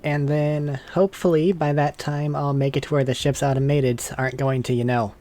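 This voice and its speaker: A man's voice: fairly high pitch, flat delivery, a little fast, dark tone. A man playing a tabletop role-playing game, thinking aloud and chuckling as he plans. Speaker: player. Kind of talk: casual tabletop role-play chat.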